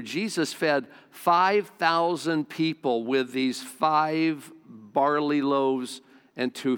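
A man's voice: mid-range voice, clear, resonant tone, long reverb tail. An older man preaching a sermon in church, telling personal stories earnestly and repeating words for emphasis. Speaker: pastor. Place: church sanctuary.

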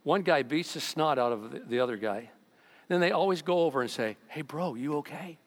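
A man preaching from the pulpit with a high, lively voice that rises and falls as he acts out people's complaints. His sermon rings through a church hall with a long, trailing reverb. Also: fairly quick. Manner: animated, mocking voices of the people he quotes. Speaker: pastor. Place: church sanctuary.

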